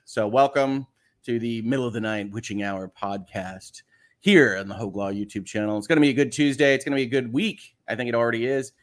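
A man's voice: mid-range voice, fairly bright tone. Chatty man hosting a casual livestream. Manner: chatty, reading viewer comments aloud, joking. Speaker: host.

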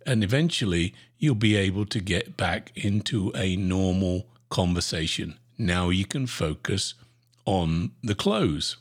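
A man hosting a podcast, giving sales advice in an animated, emphatic coaching manner with sudden pitch jumps. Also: measured pace. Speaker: sales trainer podcast host. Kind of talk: solo podcast talk.

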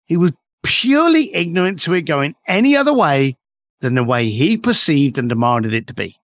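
A man's voice: a little high, sing-song, moderate pace, no room sound, clean studio sound. A middle-aged man, a podcast guest telling motivational stories in an emphatic way and swearing freely. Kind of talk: motivational storytelling.

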